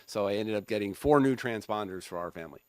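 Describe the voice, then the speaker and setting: A man giving committee testimony in a halting way, restarting often, as he loses his voice. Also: on the low side, a little mellow, no echo. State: losing his voice. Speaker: legislator testifying. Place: legislative hearing room.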